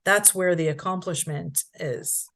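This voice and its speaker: A woman's voice: fairly low pitch, unhurried, vocal fry, a bit bright. A woman hosting a podcast, reflective and thoughtful, often checking in with "you know" and "right". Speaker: podcast host. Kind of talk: casual podcast conversation.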